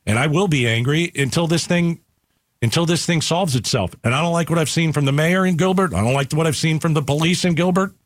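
A man's voice: fairly high pitch, a little fast, no room sound, studio quality. A man hosting a radio talk show from Arizona, speaking angrily and emphatically and repeating his points. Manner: angry, emphatic, repeats himself.

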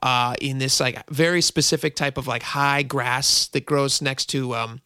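A man's voice: mid-range voice, fairly even intonation, measured pace, bright, forceful tone, clear, resonant tone, no room sound, studio quality. A middle-aged man hosting a radio show, telling a long rambling story with many asides. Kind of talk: casual talk radio monologue.

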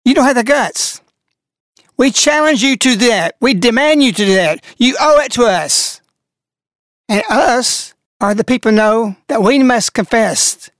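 A woman hosts a religious broadcast in a slow, deliberate delivery. Her tone is preachy and scolding, hammering each point home. The sound is dry and close. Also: on the high side, no room sound. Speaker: broadcast host. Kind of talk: religious radio commentary.

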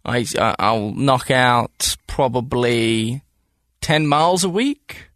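A man's voice: medium pitch, expressive, takes it slowly, a bit bright, no echo, clean studio sound. A man in his thirties co-hosting a podcast, bantering casually and playfully defending himself. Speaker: podcast co-host. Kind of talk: casual chat.

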